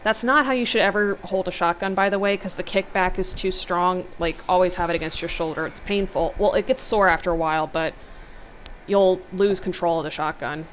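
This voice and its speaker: A woman's voice: fairly low pitch, fairly even intonation, a little fast, slight background noise, poor audio. A woman hosting a let's play, reading an interactive horror novel aloud and adding casual, chatty comments.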